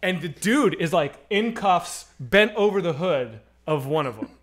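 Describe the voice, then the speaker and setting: Male comedy host, storytelling, lively pitch, bright edge, profane. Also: a little slow. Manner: animated, profane, acts out the voices in his story. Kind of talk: storytelling on a stream.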